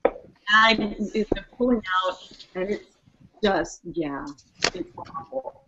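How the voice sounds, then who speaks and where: A woman co-hosting a casual podcast, telling a story in an animated way, swearing and laughing as she goes. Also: medium pitch, slow pace, creaky, background noise. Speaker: podcast co-host. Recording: muffled lo-fi audio.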